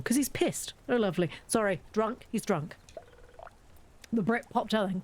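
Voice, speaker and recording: A woman's voice: medium pitch, moderate pace, darkish tone. A woman with a British accent chatting and joking as she plays a game for viewers. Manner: chatty, joking, self-mocking. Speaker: streamer. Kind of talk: casual game commentary.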